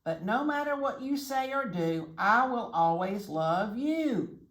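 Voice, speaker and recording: A woman voicing a gentle, loving mother hen who speaks in slow, tender, reassuring words. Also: fairly high pitch, expressive, echoey room, pitched above the performer's own voice.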